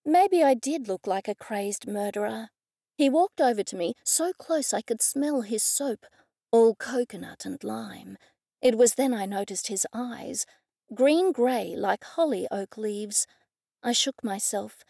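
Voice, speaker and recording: Gravelly-voiced woman narrating an audiobook. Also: on the high side, animated, measured pace, darkish tone, no echo, studio quality. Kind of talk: scripted first-person audiobook narration.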